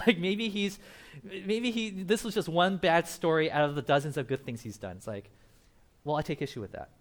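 A young man preaching a casual sermon as pastor, animated, acting out Bible characters and laughing often. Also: a little high, moderate pace.

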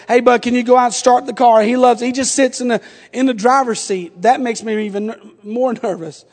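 A man in his forties, a pastor preaching a sermon, telling a humorous family story that builds into fervent, shouted appeals. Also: very high-pitched, fairly even intonation, brisk. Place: church sanctuary. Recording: long reverb of a church sanctuary.

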